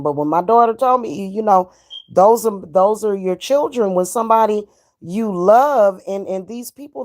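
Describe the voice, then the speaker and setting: A woman's voice: medium pitch, moderate pace. A middle-aged woman, ranting in a casual vlog, blunt, heated and profane. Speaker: spiritual reader and vlogger.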